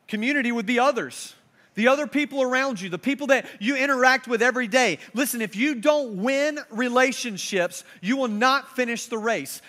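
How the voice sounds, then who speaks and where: Young male preacher, high bright voice, animated storytelling sermon. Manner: animated storyteller, swings between loud and hushed. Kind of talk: sermon with personal stories.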